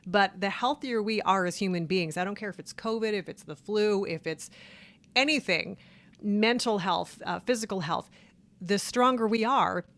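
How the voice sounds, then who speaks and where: A woman's voice: mid-range voice, moderate pace, fairly bright tone. A woman hosting a talk show, speaking in an earnest, conversational way. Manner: earnest, conversational, laughs along. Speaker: show host. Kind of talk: casual interview chat.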